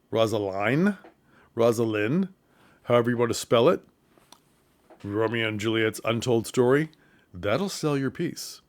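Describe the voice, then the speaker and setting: A man casually retelling a comedy film's plot for theatre makers, with chuckles and quick put-on voices for the characters. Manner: animated retelling, quick falsetto bits for quoted characters; chuckles through the telling. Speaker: theatre commentator. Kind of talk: casual film recap.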